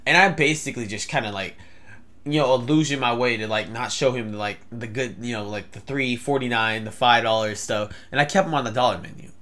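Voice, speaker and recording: A young man rambles through a story-time vlog, full of "like" and stammered restarts. His voice is mid-pitched with a bright edge. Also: fairly quick. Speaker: vlogger.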